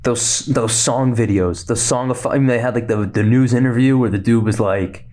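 A young man hosting a casual solo podcast, talking quickly and rambling with a slight lisp. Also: mid-range voice, darkish tone. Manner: rambling, fast-talking, self-interrupting. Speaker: podcast host.

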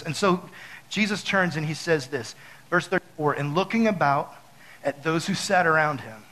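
A man preaching a casual sermon, telling a story to his audience and acting out his panic in loud outbursts. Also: fairly high pitch, normal speed, low-quality recording. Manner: talks straight to the audience with many fillers.

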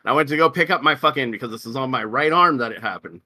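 A man in his thirties, a podcast co-host telling a story in casual chat, swearing and acting out quotes in a high voice. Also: racing, sharp tone.

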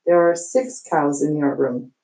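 A woman's voice: low-pitched, moderate pace, dark tone, rough recording. A woman reading aloud, voicing a nosy schoolboy who blurts out what he sees. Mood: blurting.

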